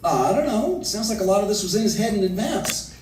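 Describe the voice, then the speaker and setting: A man teaching a livestreamed literature lesson, animated and reading verse slowly and dramatically. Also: high-pitched, a loud crowd. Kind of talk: livestreamed lecture. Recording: roomy, from far off the mic.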